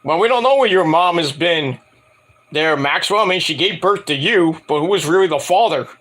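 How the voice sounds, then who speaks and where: A man giving a casual, profane recap of a wrestling show, rambling, excitable and mocking. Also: on the high side, normal speed. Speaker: wrestling reviewer.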